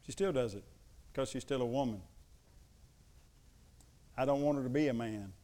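A man's voice: mid-range voice, normal speed, dark tone. A man preaching a sermon, telling personal stories and acting out the voices of his family. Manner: storytelling, acts out voices of family members. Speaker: pastor.

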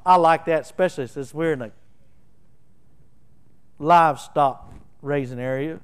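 A middle-aged preacher with a Southern Oklahoma drawl and a somewhat high voice. He talks in a folksy, storytelling way, then swells into big, emphatic peaks while walking through a Bible passage. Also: expressive, a little slow, pauses often. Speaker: pastor. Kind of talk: sermon.

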